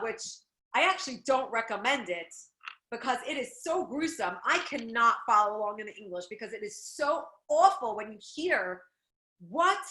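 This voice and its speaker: A woman giving a Torah class, telling the story with lively, expressive delivery and acting out the people she quotes. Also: a little high, reverberant. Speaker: Torah teacher.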